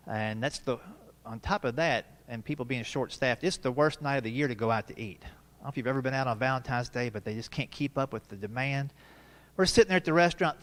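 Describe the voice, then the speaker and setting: A man's voice: medium pitch, a bit bright. A man in his forties doing stand-up comedy at a church, telling folksy stories with asides to the audience. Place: church performance space.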